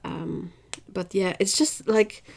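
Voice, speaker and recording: A woman hosting an art livestream, chatting casually with viewers, emphatic and lively. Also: mid-range voice, slow pace, gravelly, husky. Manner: chatty, answers viewers' chat.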